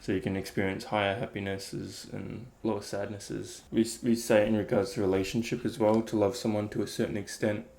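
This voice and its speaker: A man's voice: lowish voice, little pitch movement, brisk, gravelly, few pauses, a little mellow. A man thinking aloud in a casual, reflective talk about meditation, rambling with many fillers. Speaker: meditation vlogger.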